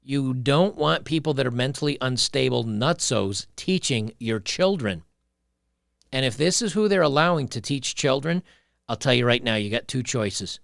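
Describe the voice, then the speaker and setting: Male streamer, gravelly voice, opinionated rants between clips, dry close sound. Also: medium pitch, lively intonation, normal speed, fairly bright tone, dry recording. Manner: opinionated, ranting, reads chat aloud. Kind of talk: casual livestream commentary.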